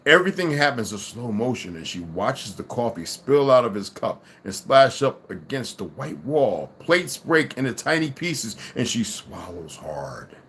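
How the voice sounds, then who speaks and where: A man's voice: mid-range voice, sing-song, unhurried, hardly any pauses, a bit bright, slight background noise. A man reading a story aloud to listeners and breaking off for casual asides.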